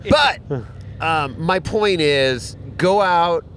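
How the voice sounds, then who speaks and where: A man's voice: fairly high pitch, expressive, extremely slow, a bit bright, slight background noise. A man talking casually outdoors at a desert camp, swearing freely and rambling with restarts. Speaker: guest, off-roader and camp host. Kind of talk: casual outdoor podcast chat.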